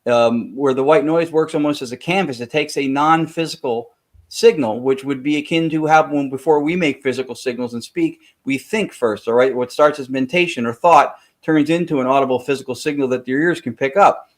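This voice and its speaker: A man's voice: mid-range voice, a little fast. A man speaking as a podcast guest, explaining technical ideas at length in casual chat, with frequent fillers and restarts.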